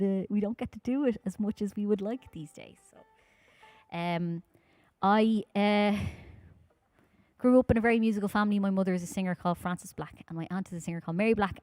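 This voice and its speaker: A woman from Ireland with a Dublin accent, chatting quickly and informally with her audience between songs at a live-streamed concert. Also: medium pitch, dark tone, no echo. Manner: talks fast, chatty and informal, with many fillers.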